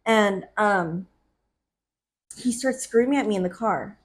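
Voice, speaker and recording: A woman in her twenties co-hosting a podcast, telling stories in an animated way with frequent laughter. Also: medium pitch, slow pace. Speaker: podcast co-host. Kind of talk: casual chat.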